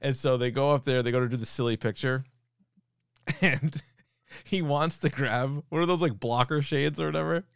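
A man co-hosting a podcast, retelling comedy sketches with animated energy and casual swearing. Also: mid-range voice, moderate pace, creaky, clear, resonant tone, no echo, studio quality. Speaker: podcast co-host. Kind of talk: casual chat.

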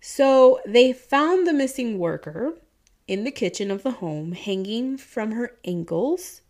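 Taking it slowly, a woman with a darkish, animated voice on the high side chats casually through a true-crime story, swearing and laughing a lot. Her accent blends Midwestern American with a Southern twang.

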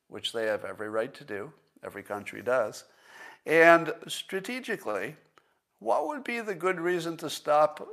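A man hosting a livestream in a casual commentary style, thinking aloud and slowing down to stress his points. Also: medium pitch, a bit bright. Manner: conversational, thinks aloud with restarts and small laughs. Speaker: livestream host.

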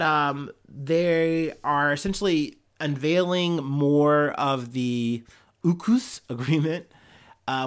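A man riffing on the news for his podcast. He rambles, drops sarcastic asides and swears freely, leaning on "like" and "you know" as he goes. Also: fairly high pitch. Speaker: podcast host. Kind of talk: casual solo news commentary.

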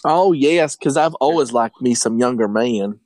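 A man's voice: mid-range voice, measured pace, a crowd in the background, natural voice. A man voicing a sweet, fussing middle-aged mother who calls everyone honey. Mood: flirty. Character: doting Southern-style middle-aged mom, female.

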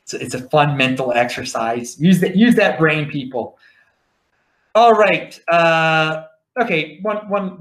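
A man's voice: a little high, unhurried, echoey room. A man with a Baltimore accent hosting a podcast, telling stories in a rambling, jokey way with many restarts. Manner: animated, repetitive restarts, jokey asides. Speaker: podcast host. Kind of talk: casual rambling monologue.

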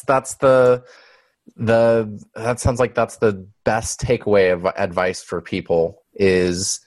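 Low-voiced enthusiastic male host. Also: dry recording. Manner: enthusiastic, restarts phrases. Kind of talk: conversational interview.

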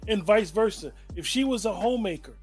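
A man's voice: sits high, lively intonation, a little fast, soft background music. A man hosting a casual group discussion, reflective and thoughtful, often restarting sentences as he thinks.

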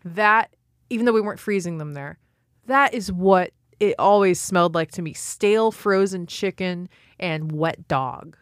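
A woman's voice: on the low side, measured pace, no room sound, clean studio sound. A woman co-hosting a comedy podcast, telling rambling, profane stories in casual chat. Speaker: podcast co-host.

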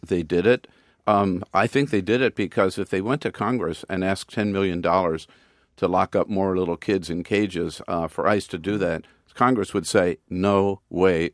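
Guy pundit, lowish voice, argues pointed stuff on a politics panel, dry. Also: dry recording. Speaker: political commentator.

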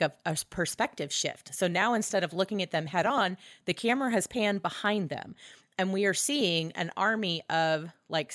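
A woman with a lowish voice co-hosts a casual podcast about films. She gushes and curses as she retells scenes, jumping into characters' lines. The sound is dry and close to the mic. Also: a bit bright, dry recording. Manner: enthusiastic, profane, acts out characters' lines. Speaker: podcast co-host. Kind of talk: casual film discussion.

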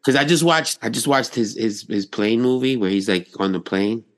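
A man's voice: mid-range voice, normal speed. A man co-hosting a podcast in casual chat, rambling and joking, often trailing off mid-sentence. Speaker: podcast co-host.

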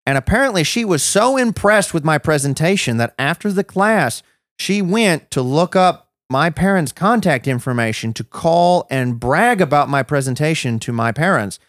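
A man's voice: on the high side, expressive, normal speed, a bit bright, no room sound, clean studio sound. Man telling a self-deprecating story. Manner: reflective, self-deprecating, rambling with restarts. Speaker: podcast guest. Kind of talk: personal storytelling in a podcast interview.

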